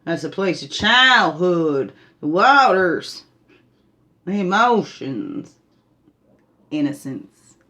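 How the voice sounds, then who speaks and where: A woman's voice: on the low side, sing-song, extremely slow, long pauses, bright, forceful tone. A woman leading a spiritual guidance talk, meandering and laughing often, checking in with "right?" as she goes. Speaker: spiritual guide.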